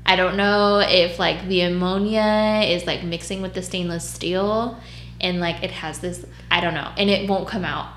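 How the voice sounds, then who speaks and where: A mobile dog groomer with a lowish, fairly bright voice and fairly even intonation shares casual stories at normal speed. She's blunt and profane and does other people's voices. The recording has roomy echo and a little hiss or hum.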